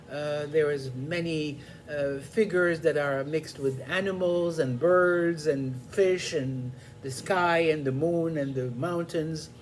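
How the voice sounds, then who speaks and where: An older man telling a personal story in an unhurried, reflective way, pausing often with small fillers. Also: on the high side, darkish tone, a little hiss or hum.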